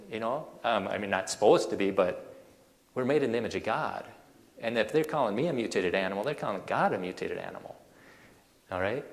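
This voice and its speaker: A man giving an animated presentation to an audience, firing off rhetorical questions with casual fillers. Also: mid-range voice, gravelly, big-room sound. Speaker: creationist speaker.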